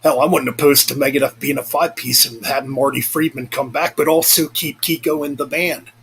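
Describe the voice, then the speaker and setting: A man's voice: mid-range voice, steady tone, fairly quick, gravelly, fairly bright tone, slightly rough, low-quality recording. A young man rambling casually in a vlog, cursing freely and correcting himself as he goes. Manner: rambling, profane, self-correcting. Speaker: vlogger. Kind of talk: casual chat.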